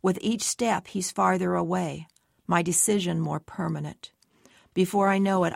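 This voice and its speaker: A woman's voice: on the low side, steady tone, moderate pace, creaky, darkish tone, no room sound, studio quality. A woman giving tense, anxious first-person story narration as an audiobook narrator.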